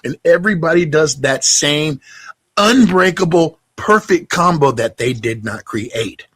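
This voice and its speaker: A man's voice: fairly high pitch, animated, a little slow, a bit bright, husky, dry recording. A man ranting in a crude, heated, mocking way. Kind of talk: profane ranting commentary.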